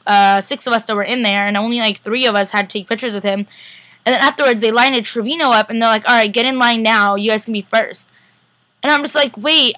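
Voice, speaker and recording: A young woman vlogger telling a story in a fast, excited, casual way. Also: fairly high pitch, no room sound, poor audio. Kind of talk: casual chat.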